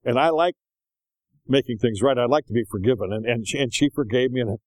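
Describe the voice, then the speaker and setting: An older man preaching in a folksy, animated storytelling manner, acting out voices now and then. His voice sits at an ordinary pitch for a man. The sound is dry and close, with almost no room around it. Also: fast, dry recording, low-quality recording. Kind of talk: sermon.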